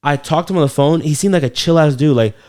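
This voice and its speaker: A man's voice: a little high, fast, warm tone. A man co-hosting a comedy podcast, telling loose, profane stories in casual chat. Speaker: podcast co-host.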